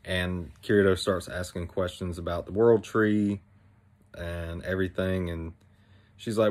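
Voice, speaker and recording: A man's voice: deep voice, fairly even intonation, unhurried, a little mellow. A young man casually recapping an anime episode, rambling with many fillers and restarts.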